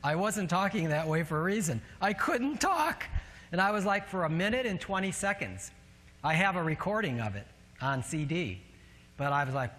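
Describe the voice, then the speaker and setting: A man with a northern US accent preaches from the pulpit, his voice a little higher than most men's. He tells a story with easy, self-mocking humor. The sound carries the long reverb of a large church hall. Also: lively intonation, normal speed, pushed and bright. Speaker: pastor. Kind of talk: sermon. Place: church sanctuary.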